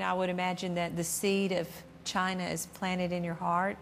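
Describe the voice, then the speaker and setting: A woman hosting a talk show, interviewing a guest with drawn-out affirming reactions. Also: lowish voice, steady tone, a loud crowd, very noisy. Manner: warm affirming reactions, slow drawn-out exclamations.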